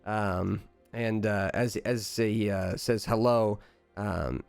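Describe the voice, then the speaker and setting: Relaxed man narrating a tabletop game. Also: fairly low pitch, creaky, clean tone, no echo, soft background music. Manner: relaxed, halting, many fillers. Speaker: game master.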